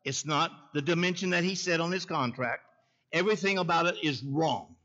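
A man's voice: fairly high pitch, normal speed, pushed and bright, dull audio. A man preaching a sermon in a folksy way, telling a story and calling out to the congregation. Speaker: pastor.

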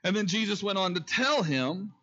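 A male pastor preaching with a high, bright voice, repeating his key phrases and calling questions out to the congregation. The recording sounds dull and lo-fi. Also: expressive, moderate pace. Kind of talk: sermon.

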